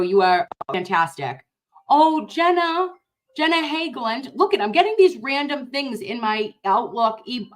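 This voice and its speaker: A young woman hosting a casual reaction commentary, emphatic and animated, talking straight to her viewers. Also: mid-range voice. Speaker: commentary host.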